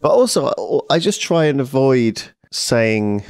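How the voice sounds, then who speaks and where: A man co-hosting a podcast, making dry, wry, deadpan remarks in casual chat. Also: mid-range voice, measured pace, clear, resonant tone, dry recording. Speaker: podcast co-host.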